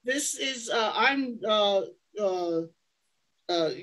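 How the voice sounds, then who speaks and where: A woman's voice: medium pitch, lively intonation, a bit bright, distant mic. A woman voicing a nervous adult woman who stumbles and halts while rehearsing a formal introduction. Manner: halting, stumbling over words.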